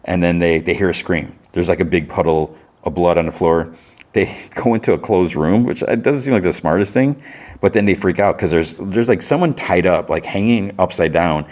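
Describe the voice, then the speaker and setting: A man's voice: deep voice, normal speed, darkish tone. A man hosting a podcast, chatting casually as he retells a TV episode in a loose, rambling way. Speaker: podcast host.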